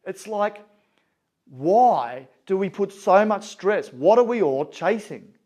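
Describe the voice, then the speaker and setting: A man speaking with earnest conviction and a storyteller's ease. His voice sits a touch higher than most men's. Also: animated, slow, darkish tone. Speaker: motivational speaker. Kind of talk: motivational talk.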